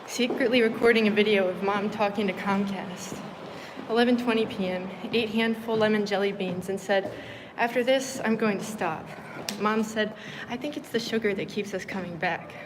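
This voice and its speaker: A woman on a live stream, reading her diary entries aloud in a flat, deadpan way with casual asides. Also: medium pitch, normal speed, noisy background. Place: moving between venues and a car.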